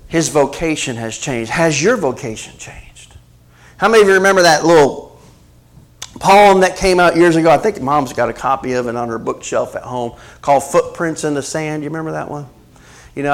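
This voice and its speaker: A middle-aged male preacher delivering a sermon, swinging between hushed asides and emphatic rhetorical questions. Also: high voice.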